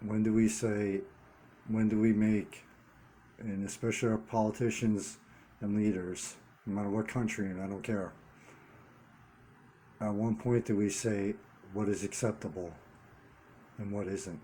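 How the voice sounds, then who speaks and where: Man, fairly low voice, warm and mellow; an earnest solo vlogger thinking aloud, restarting phrases and hammering single words. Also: little pitch movement, measured pace, pauses often, slight background noise. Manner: earnest, repeats key words for emphasis. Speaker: vlogger running a one-person channel. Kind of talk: unscripted commentary monologue.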